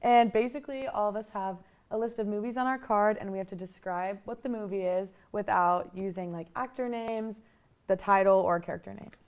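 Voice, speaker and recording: A woman's voice: mid-range voice, fairly even intonation, a little fast, darkish tone. A young woman co-hosting a college talk show, joking and giggling her way through playful banter. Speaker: co-host.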